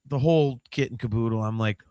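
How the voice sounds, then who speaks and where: A man of about fifty, hosting a podcast in casual chat, animated and swearing freely, swinging between mumbling asides and loud outbursts. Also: mid-range voice, quick pace, clear, resonant tone, no echo. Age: 50s. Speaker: podcast host.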